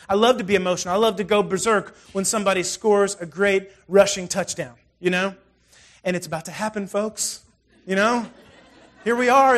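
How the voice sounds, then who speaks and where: A middle-aged male pastor preaching a sermon in a conversational, animated way, full of asides and storytelling. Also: high voice.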